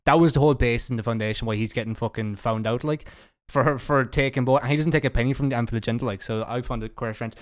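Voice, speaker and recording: A man's voice: medium pitch, quick pace. A young man hosting a podcast, chatting casually and gossiping about another creator. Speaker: podcast host.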